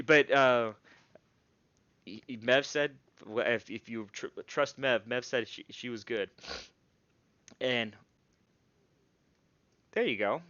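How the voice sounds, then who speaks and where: A man narrating a tabletop game as game master in a casual, halting way. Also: medium pitch, sharp tone, no echo, dull audio.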